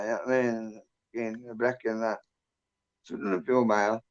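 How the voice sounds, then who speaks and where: A man's voice: mid-range voice, fairly even intonation, fast, a little mellow. A man hosting a livestream chat, rambling through stories, swearing constantly and tacking "and that" onto his sentences. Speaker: livestream host. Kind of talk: casual chat. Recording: dull lo-fi stream audio.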